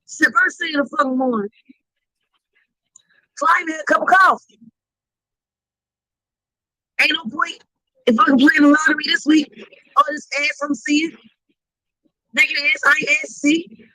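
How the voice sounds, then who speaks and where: A woman with a high, bright voice tells a story in blunt, emphatic speech full of cursing. The sound is close and dry, with no room around it. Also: steady tone, measured pace, pauses often, dry recording, rough recording. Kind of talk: profane storytelling.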